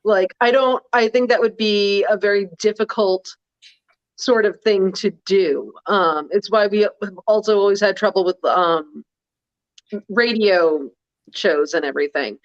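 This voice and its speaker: A woman's voice: medium pitch, unhurried. Wry woman co-host on dull audio. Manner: wry and self-mocking, with many "like" fillers. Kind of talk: casual political chat.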